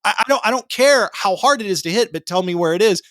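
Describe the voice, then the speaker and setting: A man hosting a movie podcast, his voice a touch higher than most. He rambles with plenty of ums and acted-out quotes, and he sounds close and dry with no room echo. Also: animated, quick pace, a bit bright. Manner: rambling, lots of fillers, acts out quotes. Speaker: podcast host. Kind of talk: casual movie discussion.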